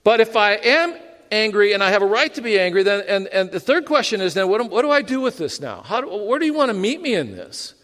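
Male pastor, sermon delivery; higher register, conversational, self-deprecating humor; reverberant sanctuary. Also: lively intonation, normal speed, a bit bright. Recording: long hall reverb.

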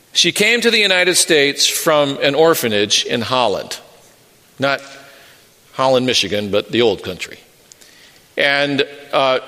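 Middle-aged pastor, earnest sermon delivery, forceful bright tone, slightly high voice. Long hall reverb. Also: male voice. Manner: earnest, storytelling, measured pauses.

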